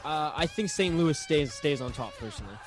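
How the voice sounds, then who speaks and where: A man telling stories in a casual podcast chat, animated and profane, often switching into other people's voices. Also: on the high side, fairly quick, music in the background. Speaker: podcast guest, network host.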